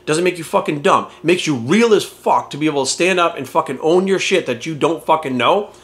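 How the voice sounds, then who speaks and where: A man's voice: on the high side, lively intonation, fairly quick, a bit bright. A man talking as a fitness coach in a casual vlog rant, blunt and heavy on swearing and rhetorical questions.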